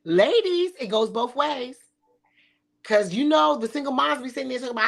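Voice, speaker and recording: A woman's voice: high-pitched, lively intonation, moderate pace, gravelly. A middle-aged woman hosting a talk show, speaking bluntly and sassily with frequent swearing. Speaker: podcast host. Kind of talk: provocative casual talk.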